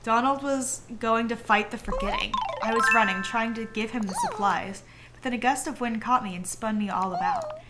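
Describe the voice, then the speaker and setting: A woman reading the lines of a sweet, gentle female cartoon mouse aloud from a game, in a soft, earnest way. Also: a little high, wildly swooping pitch, normal speed, loud music behind the voice.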